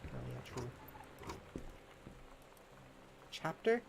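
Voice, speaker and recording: A playful man streaming a game, chatting and laughing as he plays. He reads the in-game text aloud haltingly. His voice sits a touch high over a faint hiss. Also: expressive. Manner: playful, laughs often, halting when reading. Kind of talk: casual gameplay chat and reading aloud.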